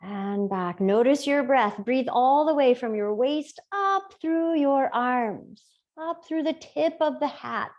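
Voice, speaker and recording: A woman teaching a gentle yoga class, with soft, playful step-by-step cues. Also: sits high, expressive, lo-fi sound. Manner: soft, slow, playful cueing.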